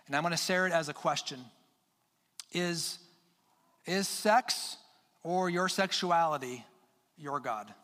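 A man preaching a sermon as pastor, earnest and urging, stressing his points with pauses and repeated words. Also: fairly high pitch, pushed and bright, big-room sound. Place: church sanctuary with long reverb.

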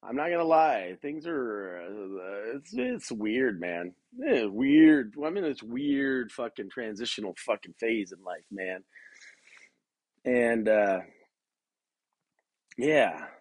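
Recorded dry, this young man's medium-pitched voice is animated but slow as he paces his bedroom hosting a podcast. He rambles casually, curses a lot, and refers to the listener as "man" and "dude."

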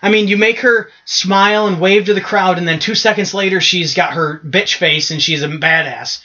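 A man's voice: sits high, normal speed, pushed and bright, dull audio. A man co-hosting a podcast in casual wrestling chat, blunt and agreeable, swearing when annoyed. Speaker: podcast co-host.

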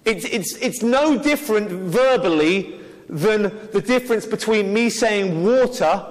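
A man gives a Bible lecture in a noticeably high voice. He talks earnestly, breaking off and correcting himself as he goes. His words ring out with a long reverb from a large hall. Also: animated, measured pace. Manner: earnest, explanatory, with stumbling restarts and self-corrections. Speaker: Bible teacher.

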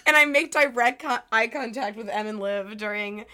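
A woman's voice: on the high side, normal speed, very noisy. A woman in her twenties co-hosting a podcast, chatty and giggly, with lots of fillers. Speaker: podcast co-host. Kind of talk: casual chat.

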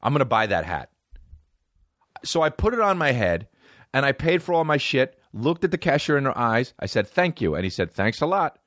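Podcast host, male, forties: rambling profane storyteller, very lively pitch, dry close mic. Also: a little fast, dry recording. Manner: rambling, profane, jumps between tangents. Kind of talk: solo comedic podcast rant.

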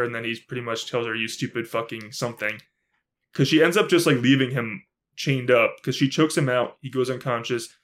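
Excitable man gushing over a movie. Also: mid-range voice. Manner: gushing, excitable, lots of fillers and repeats. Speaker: podcast co-host. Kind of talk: casual chat.

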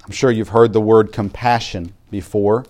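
A man's voice: on the low side, steady tone, moderate pace. Man preaching a sermon, reading scripture. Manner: reads scripture aloud in King James wording; builds from quiet reflection to louder, raised emphasis.

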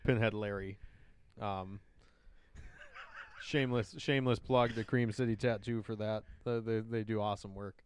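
A man's voice: on the low side, fairly even intonation, measured pace, pauses often, a little hiss or hum. A man in his late twenties chatting casually on a podcast, rambling with lots of fillers and laughter. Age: late 20s. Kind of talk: casual chat.

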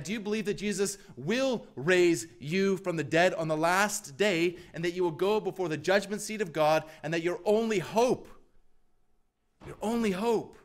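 A man preaching a sermon as pastor, emphatic, pressing repeated questions and swinging from loud to hushed. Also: high-pitched.

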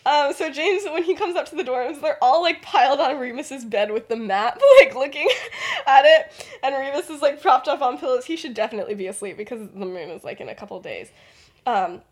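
A woman's voice: high voice, fairly quick. A young woman casually telling a fan-fiction story on a podcast, chatty and giggly, with many fillers.

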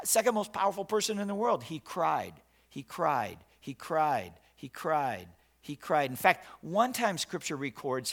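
Guy preaching a sermon, voice swings all over, kinda high, dramatic storytelling, keeps repeating himself for effect. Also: fairly bright tone. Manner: dramatic, emphatic storytelling with restarts and repetition. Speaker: pastor.

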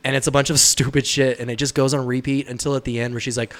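A man's voice: mid-range voice, level tone, fast talker. A man chatting casually about movies, rambling with lots of fillers and laughing often. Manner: rambling, laughing, mimics voices in quotes.

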